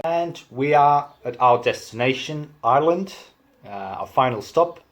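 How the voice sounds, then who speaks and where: A man's voice: mid-range voice, animated, a little slow, slight background noise. Chatty young man explaining accents. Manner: chatty, self-deprecating. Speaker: language assistant. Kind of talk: casual accent demo video.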